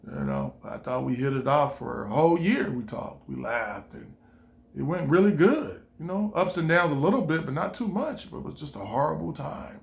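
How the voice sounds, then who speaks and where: A man with a gravelly, slightly high voice tells a personal story casually. He rambles and repeats himself, often quoting his own thoughts. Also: very animated, moderate pace. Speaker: vlogger.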